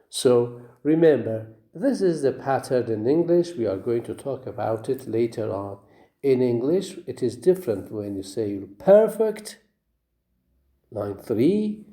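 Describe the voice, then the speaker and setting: A male lecturer talks slowly through a phonetics lesson. His mellow voice swings widely in pitch as he repeats example words to show stress. He pauses often with hesitant fillers. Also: roomy sound. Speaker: teacher.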